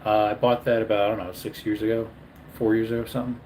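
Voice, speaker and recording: A tired man hosts a casual livestream and talks loosely to his viewers. He rambles, stops, and corrects himself as he goes, with a yawning, low-energy manner. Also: fast, a little hiss or hum. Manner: rambling, self-correcting, relaxed. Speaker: livestream host.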